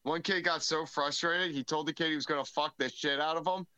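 A man telling animated anecdotes in a casual podcast chat on a close mic. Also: a little high, fairly quick, clear, resonant tone, dry recording, poor audio.

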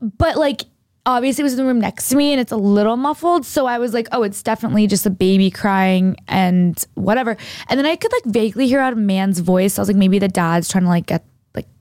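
A woman's voice: mid-range voice, quick pace, no echo, studio quality. A young woman casually telling a long story on a podcast, rambling and filling her speech with "like". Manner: rambling, heavy use of "like", animated retelling.

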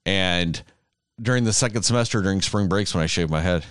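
A man's voice: low-pitched, a little fast, fairly bright tone, smooth, no room sound, studio quality. A man, rambling and swearing casually as a podcast host. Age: 30s. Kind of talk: casual chat.

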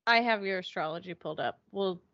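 A woman co-hosting a podcast, chatting in a relaxed way with short agreeing replies. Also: fairly low pitch, quick pace. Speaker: podcast co-host. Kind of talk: casual chat. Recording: dull lo-fi audio.

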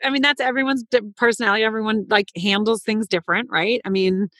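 A woman's voice: a little high, quick pace, no room sound. A middle-aged woman in casual chat, telling stories and acting out quotes. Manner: animated storyteller, acts out quotes.

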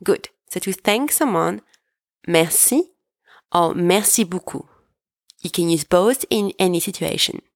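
Woman language teacher, lowish voice, very slow and patient drill delivery, dry close sound. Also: no echo. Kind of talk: slow, clear language lesson with repeat-after-me drills.

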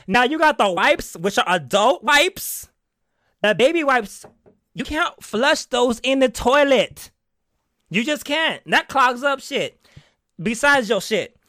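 Sassy, theatrical man with lively pitch. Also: no room sound. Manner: sassy, theatrical, calls listeners honey; drawn-out, emphatic repetition. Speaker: podcast host. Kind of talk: casual chat.

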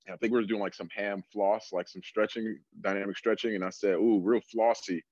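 Relaxed low-voiced male strength coach. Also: fast talker, no room sound, highs cut off. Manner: relaxed storytelling, many fillers like "like". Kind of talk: casual podcast conversation.

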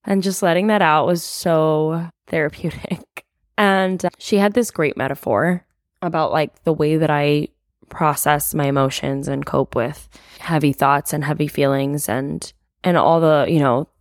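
This podcast host, a young woman, has a voice that sits low and moves at a measured pace with fairly even intonation. Alone on her candid show, she opens up about her feelings with lots of "like" fillers and casual swearing. No echo, studio-quality recording.

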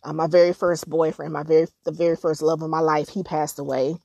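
A middle-aged woman from North Carolina hosts her podcast in a candid, conversational voice that sits on the low side. She breaks into animated bursts now and then. The recording is dry and close. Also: fairly quick, gravelly, no echo. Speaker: podcast host. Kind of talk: personal storytelling podcast.

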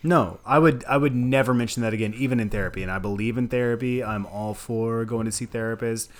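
Animated, profane man chatting movies. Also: mid-range voice, fast talker. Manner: animated, profane, laughs often. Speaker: podcast co-host. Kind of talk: casual movie discussion.

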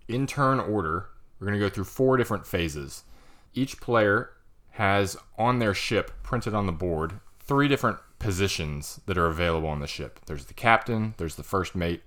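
A man's voice: deep voice, fairly bright tone. A man hosting a casual board game review, explaining the rules step by step and laughing easily. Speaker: podcast host.

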